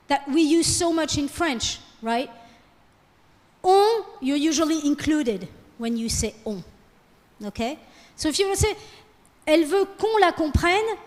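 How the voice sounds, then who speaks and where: A woman teaching French in a classroom lecture, switching between English and French and coaxing the class with questions. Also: sits high. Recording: long hall reverb.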